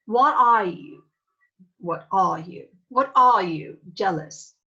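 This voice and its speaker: A woman's voice: mid-range voice, takes it slowly, bright, forceful tone, muffled recording. A woman voicing a proud, jealous fairy queen who speaks in an imperious, accusing way. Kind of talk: theatrical acting demo.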